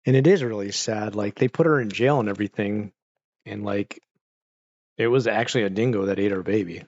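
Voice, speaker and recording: A man's voice: fairly low pitch, fairly quick, darkish tone, highs cut off. A man chatting casually on a home livestream, rambling and swearing a lot, with many "like"s and restarts. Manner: rambling, profane, full of "like" and restarts. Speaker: streamer chatting with viewers. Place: at home on a couch with a pet nearby.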